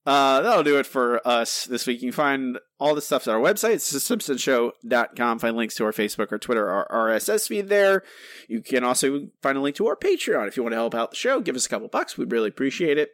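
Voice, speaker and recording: A man co-hosting a casual podcast, arguing his points with animated energy and frequent restarts. His voice sits at an ordinary middle pitch. The recording is dry and close. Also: fast talker, no echo. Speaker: podcast co-host.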